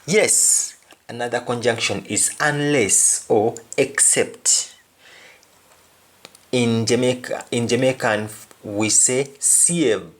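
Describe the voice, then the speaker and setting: A man teaching vocabulary, explaining each word and repeating phrases and examples. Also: mid-range voice. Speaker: language teacher.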